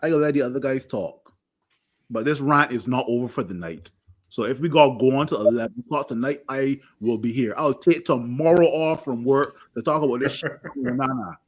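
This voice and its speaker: A man's voice: mid-range voice, a little fast. A man ranting furiously as a fan panelist on a podcast, repeating himself and swearing. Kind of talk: angry fan rant on a podcast.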